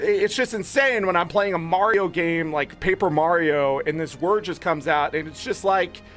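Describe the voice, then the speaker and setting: A man's voice: on the high side, fairly bright tone. A man hosting a gaming channel, ranting with exasperated profanity and rambling filler words. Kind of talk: ranting commentary.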